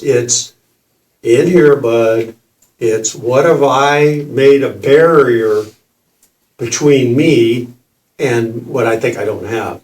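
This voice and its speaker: An older man in his seventies telling a personal story at a spiritual gathering, laughing and putting on voices as he goes. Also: mid-range voice. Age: 70s. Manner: animated, laughing, mimics voices in his stories. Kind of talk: storytelling talk. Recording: roomy hall, distant mic.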